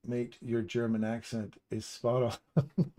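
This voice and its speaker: A man's voice: mid-range voice, little pitch movement, slow, warm tone. A man casually commenting on a live trading stream, reading out and answering viewers' chat messages by name. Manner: upbeat and chatty, laughs easily.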